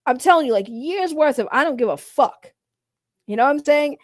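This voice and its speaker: High-pitched woman going off on a profane rant, dry close sound. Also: lively intonation, fairly quick, no echo. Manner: heated, profane, repetitive ranting. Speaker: commentary streamer. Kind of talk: casual ranting commentary.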